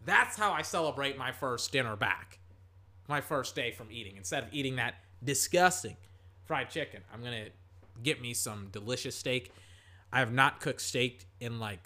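A young man from Texas rambling casually, full of filler words, breaking into excited play-by-play as he watches football. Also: medium pitch, normal speed. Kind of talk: casual rambling chat while calling a football game.

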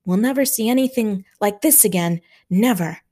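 A woman's voice: mid-range voice, normal speed, warm tone, close to an everyday voice. A woman voicing a grave male army officer who bellows urgently over the noise of battle. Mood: urgent shouting.

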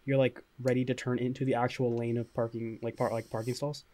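A man's voice: mid-range voice, flat delivery, a little fast, mellow. Young man telling stories casually. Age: young adult. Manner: laid-back storytelling, frequent fillers and laughs. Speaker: podcast co-host. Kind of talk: casual chat.

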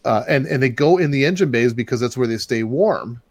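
A man telling a long story in casual chat, rambling and getting loud and animated as it builds. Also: medium pitch, brisk, dry recording. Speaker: podcast host telling a story.

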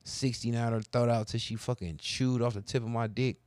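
A man on a casual talk show, telling crude, boastful stories in a profane, animated way. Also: medium pitch, normal speed, no echo. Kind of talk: casual storytelling chat.

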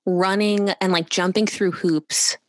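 A woman's voice: medium pitch, steady tone, unhurried, no room sound. A woman co-hosting a podcast, chatting casually about a TV show in a playful, blunt way. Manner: playful and blunt, laughs often. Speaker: podcast co-host. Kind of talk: casual chat recapping a TV show.

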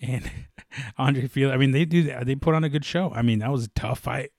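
A man's voice: mid-range voice, fairly quick, vocal fry, darkish tone, no echo. A man talks through recent fights in a loose, casual way. He rambles, stacks up fillers and corrects himself mid-thought. The sound is dry and close, with no room around it. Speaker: fight commentator. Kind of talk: casual sports chat.

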